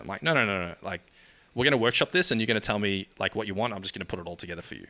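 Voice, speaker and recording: A man's voice: lowish voice, racing. A man, a guest on a podcast, telling stories casually and acting out the dialogue with lots of laughter. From Australia. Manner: animated storyteller acting out dialogue, laughing often. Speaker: guest, agency founder.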